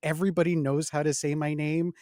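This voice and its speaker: A man's voice: a little high, level tone, a little fast, darkish tone, no echo, clean studio sound. A young adult man from the Texas-Mexico border hosting a casual conversation, talking earnestly and reflectively and putting questions to his guests. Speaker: host.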